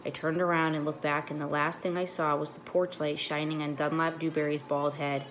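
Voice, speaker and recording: Teacher reading to children: a woman with a low voice, clear and expressive, faint hum behind. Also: a little fast. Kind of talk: reading a children's book aloud.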